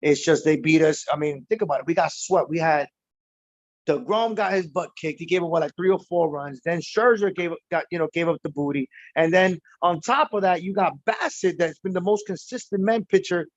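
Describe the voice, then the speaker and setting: A man's voice: fairly high pitch, fairly quick, no room sound. A man chatting casually and loosely on a livestream about his team's playoff game, a bit tipsy from drinking and rambling between laughs. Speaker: baseball fan on a livestream. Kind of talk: casual livestream reaction chat. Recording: dull dry lo-fi sound.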